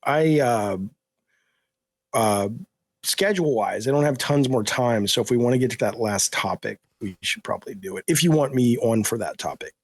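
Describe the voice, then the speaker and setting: A man co-hosting a casual podcast, cracking quick jokes. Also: medium pitch, expressive, dry recording. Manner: joking, quick wisecracks. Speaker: podcast co-host.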